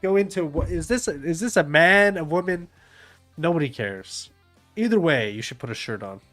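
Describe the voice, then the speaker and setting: A man's voice: on the high side, expressive, normal speed, a bit bright, soft background music. Blunt, ranting man. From Canada. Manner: blunt, profane, sneering, laughs often. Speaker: streamer reacting to videos. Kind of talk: casual rant commentary.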